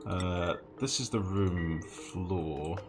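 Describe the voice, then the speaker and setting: Over game music, a gaming streamer with a low voice drags out his words while background noise runs behind him. He thinks aloud as he plays, swears freely, and chats casually with his viewers.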